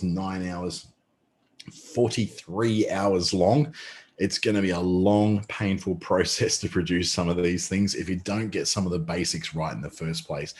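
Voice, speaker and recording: A man's voice: sits low, a little mellow. An Australian man with a slight lisp, chatting casually as he teaches a live online class. He rambles a little, with fillers and restarts, and talks from a short distance off his mic. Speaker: presenter. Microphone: mic a short distance away, no pop filter.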